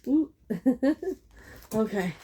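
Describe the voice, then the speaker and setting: A woman's voice: fairly high pitch, lively intonation, very slow, dark tone. A woman chatting casually while eating on camera, laughing often and correcting herself mid-sentence. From Canada. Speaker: vlogger. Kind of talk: casual mukbang chat.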